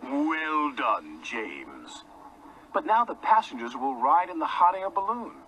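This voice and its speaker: A man's voice: fairly high pitch, big pitch swings, slow, bright, forceful tone, slight background noise, pitched above the performer's own voice, heavily acted, low-quality recording. A man voicing a stout, kindly male railway boss in a children's story, firm and reassuring.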